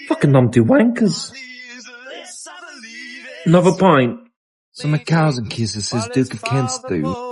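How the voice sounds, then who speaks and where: A man's voice: fairly high pitch, darkish tone. A man playing Alfred, a swaggering Cockney petty crook, rambling crudely in rhyming slang in a comedic monologue.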